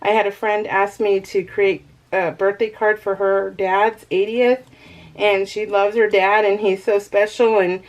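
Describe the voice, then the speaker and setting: A woman's voice: medium pitch, little pitch movement, unhurried. A woman vlogging at home in a casual, rambling chat, often breaking into laughter. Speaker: crafting vlogger.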